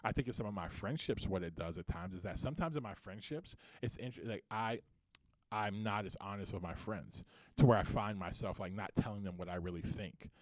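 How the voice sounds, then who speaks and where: Fairly low-pitched and fairly quick, the CEO and podcast co-host talks candidly and with passion, rising in pitch as he grows heated. The studio sound is clean with no room sound.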